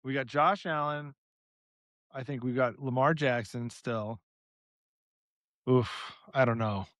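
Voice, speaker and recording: A man's voice: mid-range voice, takes it slowly, a bit bright, no room sound. A young man co-hosting a podcast, telling a rambling story in casual chat and laughing often. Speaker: podcast co-host.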